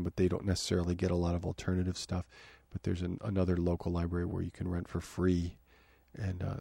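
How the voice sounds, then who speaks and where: Deep, gravelly man rambling on a podcast. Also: dark tone, dry recording. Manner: rambling, many fillers and restarts. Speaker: podcast host. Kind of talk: casual review talk. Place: home office.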